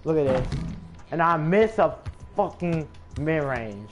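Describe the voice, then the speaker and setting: A man's voice: fairly high pitch, lively intonation, slow pace. A man trash-talking and cursing at his opponent while commenting on his own gameplay. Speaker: gaming content creator.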